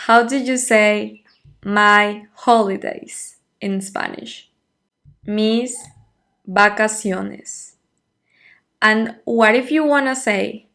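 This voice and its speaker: A woman's voice: mid-range voice, pushed and bright. A woman teaching a Spanish lesson online, patiently repeating phrases for a learner and praising each answer.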